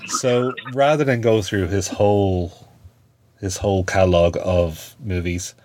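A man's voice: sits low, fairly even intonation, unhurried, darkish tone, slight background noise. A man hosting a podcast, chatting casually and leading the segments like a friendly presenter. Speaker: podcast host. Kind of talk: casual chat.

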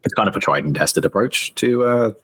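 A man's voice: on the low side, animated, a little fast, a bit bright, slightly rough, no room sound. A man co-hosting a podcast, chatting casually in a wry, playful way. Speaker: podcast co-host. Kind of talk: casual chat.

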